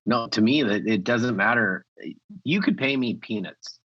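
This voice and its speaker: A man's voice: medium pitch, a little slow, dry recording, lo-fi sound. A man appearing as a guest pilot on an aviation podcast, speaking emphatically in casual conversation. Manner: emphatic, laughs easily.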